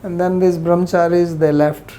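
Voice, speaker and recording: A woman's voice: fairly low pitch, level tone, moderate pace, dark tone, poor audio. A woman teaching a scripture lecture, retelling the story in plain words and quoting its characters.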